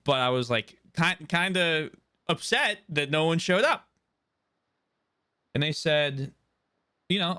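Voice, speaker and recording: Bright-voiced young male streamer. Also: mid-range voice. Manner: animated storyteller, swears and laughs often. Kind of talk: casual chat during a live game stream.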